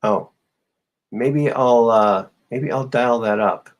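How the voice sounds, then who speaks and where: A man hosting a casual live-stream chat show, quick to exclaim and ramble when something surprises him. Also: medium pitch. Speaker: host.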